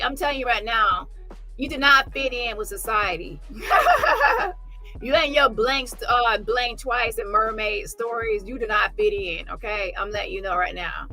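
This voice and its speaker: A woman's voice: a little high, normal speed, bright, forceful tone, faint music behind. A woman hosting a commentary channel, reacting to a clip in a blunt, mocking way and laughing often. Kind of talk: reaction commentary on a live stream.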